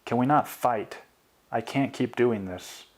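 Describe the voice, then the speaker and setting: A man voicing a young woman, his girlfriend, who speaks softly and sounds tired and tearful. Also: medium pitch, unhurried, lightly acted. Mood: weary. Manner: soft, weary and tearful.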